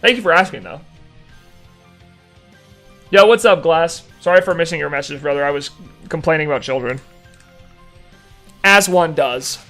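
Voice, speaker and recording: High-voiced young man telling a story. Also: normal speed, pauses often, faint music behind. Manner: animated storyteller, dry sarcasm. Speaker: live streamer. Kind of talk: casual chat to stream viewers.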